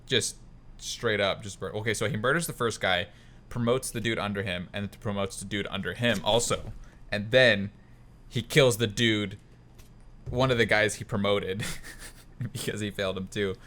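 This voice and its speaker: A young man co-hosting a casual film review chat, rambling and laughing often, dropping in quick quoted impressions of lines. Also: lowish voice, fairly bright tone. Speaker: podcast co-host.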